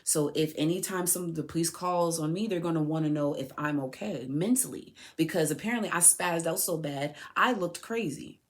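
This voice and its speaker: A woman's voice: low-pitched, a little fast, few pauses. A woman speaking directly to her son in a personal podcast monologue, telling an impassioned story full of rhetorical questions and restarted phrases. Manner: heated, repeats and restarts phrases. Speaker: mother addressing her son.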